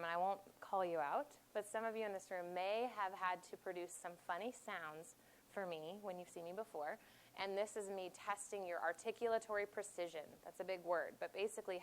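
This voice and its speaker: A woman's voice: mid-range voice, a little fast, poor audio. A woman speech therapist presenting to a support group, explaining terms plainly and repeating key points. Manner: demonstrates sounds aloud. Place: meeting room with audience.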